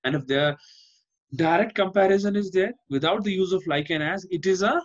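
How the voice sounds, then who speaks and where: A man's voice: high-pitched, brisk. Man, Indian English accent, teacher, online class, dull lo-fi audio, keeps checking with "Fine?". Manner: explains by repetition, often asks "Fine?".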